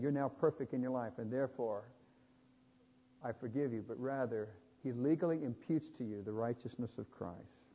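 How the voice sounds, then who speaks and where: A man preaching a sermon, building to louder emphatic points and adding small jokes. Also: medium pitch, husky. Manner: emphatic, rising loud on key points, with jokes. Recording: dull sound with long hall reverb.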